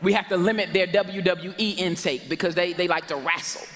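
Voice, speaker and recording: A man preaching a lively sermon as pastor, shouting for emphasis and laughing along with his congregation. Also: high-pitched, a little fast, long reverb tail. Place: church sanctuary. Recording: church sanctuary with congregation noise.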